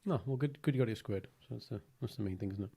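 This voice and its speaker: A man's voice: on the low side, fast, vocal fry, breathy edge. Chatty man in his thirties. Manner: chatty, animated storytelling with fillers. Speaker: podcast co-host. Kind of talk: casual chat.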